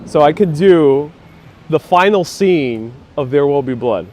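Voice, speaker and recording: A man's voice: fairly high pitch, lively intonation, measured pace, a little mellow. A man hosting a casual live stream outdoors on a rainy city street, joking, self-deprecating and reading chat messages aloud through a clip-on mic. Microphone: wireless clip-on mic on a phone rig.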